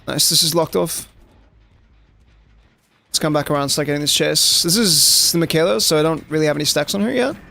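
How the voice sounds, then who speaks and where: A young man talks through his match live, tossing in "like" and chatting to his viewers as he plays. His voice sits a little high with a gravelly rasp. Relaxed, unscripted streaming chatter. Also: fairly quick, long pauses. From South Africa. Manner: casual, chatty, lots of "like" fillers, addresses chat. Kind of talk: live gameplay commentary.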